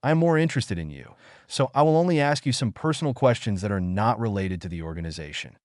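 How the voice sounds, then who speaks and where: A cold, self-assured young soldier, read by a man in a low voice. He speaks calmly and steadily, dry and close, with a lively lift to his lines. Audiobook fiction. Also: fast, dry recording, close to an everyday voice.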